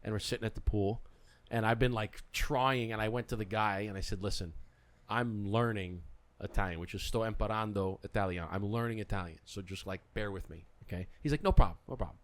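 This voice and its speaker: With a lowish voice and a brisk pace, this middle-aged podcast host chats casually, spinning animated stories. He performs the quotes of the people involved.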